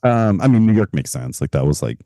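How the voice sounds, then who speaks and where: A man co-hosting a podcast in a relaxed, chatty way, full of fillers and light laughs. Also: deep voice, a little fast, no echo. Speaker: podcast co-host. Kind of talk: casual podcast chat.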